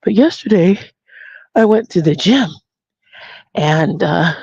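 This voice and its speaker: A woman's voice: on the low side, expressive, takes it slowly, a little mellow, slightly rough, no room sound. Casual female vlogger, outdoors on foot, chatty storyteller who acts out the voices; mid-range voice, dry and slightly muffled audio. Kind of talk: casual spoken vlog. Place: outdoors, walking. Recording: dull lo-fi audio.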